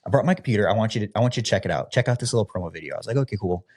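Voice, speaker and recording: A man's voice: on the low side, rapid-fire, slightly rough. A man from the American Midwest, a former youth pastor, telling his personal story as a podcast guest in a casual, candid way, with frequent fillers as he acts out the dialogue he is recalling. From Midwestern United States. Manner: casual, relaxed, with frequent fillers, often acting out quoted dialogue.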